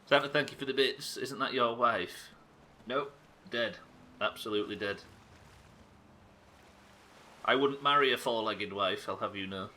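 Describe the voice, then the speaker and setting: Bright-voiced, joking streamer. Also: male voice, medium pitch, unhurried, long pauses, a little hiss or hum. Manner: swearing, joking asides to chat. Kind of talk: live gameplay commentary.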